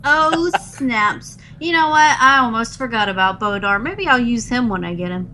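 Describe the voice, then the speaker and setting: Young woman, podcast co-host, bright tone, slightly high, chatty, laughs a lot, faint rumble behind. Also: lively intonation, normal speed, low-quality recording. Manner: chatty, laughs often, acts out game lines. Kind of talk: casual gaming podcast chat.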